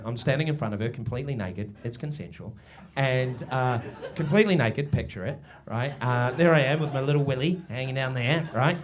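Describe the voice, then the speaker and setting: Animated man doing stand-up. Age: 40s. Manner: animated, swings between booming and hushed storytelling. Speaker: stand-up comedian. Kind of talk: stand-up comedy set. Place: village pub before a live audience.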